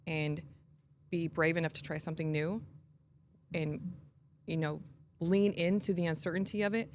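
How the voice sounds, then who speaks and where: Over a little hiss or hum, a podcast host speaks in a low-leaning voice during a casual conversational interview. She's earnest and reflective, frequently starting her sentences over.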